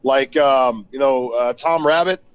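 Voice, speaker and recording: A man's voice: mid-range voice, clean tone. A man from Missouri talking on an online call, his mid-range voice coming through dull and lo-fi. He rambles and halts as he explains. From Missouri, USA. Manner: rambling, halting with fillers. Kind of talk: casual chat.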